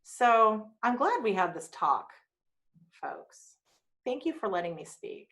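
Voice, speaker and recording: A woman's voice: mid-range voice, big pitch swings, takes it slowly, a bit bright. A woman hosting her own podcast, telling a personal story frankly with swearing and wry asides. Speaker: podcast host.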